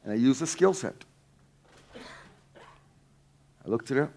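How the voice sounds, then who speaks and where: A middle-aged man speaking to a live audience in an intense storytelling voice. His pitch sits in the ordinary middle range for a man. He moves from loud, driving lines to near-whispers, with casual swearing. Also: animated, slow, gravelly. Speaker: speaker teaching a workshop.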